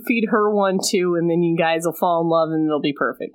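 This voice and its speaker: Woman, casual co-host, lower register, animated retelling with quick asides. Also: clean tone. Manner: retells the plot with quick voiced asides and laughs. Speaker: podcast co-host recapping a novel. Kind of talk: casual chat.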